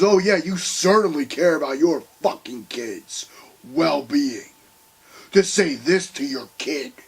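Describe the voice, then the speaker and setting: A young man ranting heatedly to camera, swearing often and swinging between loud outbursts and quiet bitterness. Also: on the high side, breathy edge, poor audio. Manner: heated, swearing, voice rising and falling sharply. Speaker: video commentator. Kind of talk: angry rant to camera.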